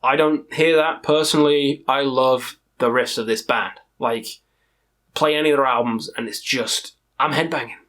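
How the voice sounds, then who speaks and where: A man with a worn, hoarse throat rattles through a ranking of his favourite metal bands. He is loose, profane and openly enthusiastic, trailing off and circling back the way he would with a friend. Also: mid-range voice, fairly even intonation, normal speed, a bit bright. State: tired, strained throat. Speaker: metal music reviewer. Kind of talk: casual ranking vlog.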